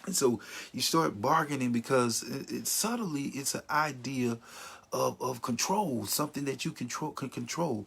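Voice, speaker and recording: A grief counselor teaches about grief in an informal, earnest way, at times acting out what mourning people say. His medium-pitched voice is husky, creaky and fairly bright, at a normal speed.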